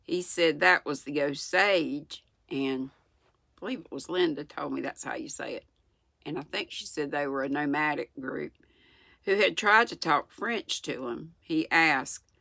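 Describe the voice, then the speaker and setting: A woman in her sixties with a Southern US accent, reading a children's book aloud in a gentle, unhurried way with small slips. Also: sits low, vocal fry, no echo, clean studio sound. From United States. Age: 60s. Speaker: channel host reading aloud. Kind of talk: storybook read-aloud.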